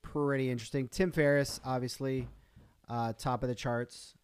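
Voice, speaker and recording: A man's voice: mid-range voice, fairly even intonation, normal speed, clear, resonant tone. A man hosting his own podcast on a live stream, talking casually and rambling with fillers and restarts. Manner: rambling, chatty, self-interrupting with fillers. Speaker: podcast host.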